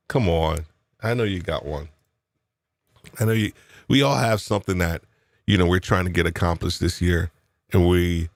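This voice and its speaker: With no room sound behind him, this New York podcast host speaks in a low-pitched voice during a live chat. His manner is reflective as he playfully ribs his guests, often using fillers and restarting his sentences.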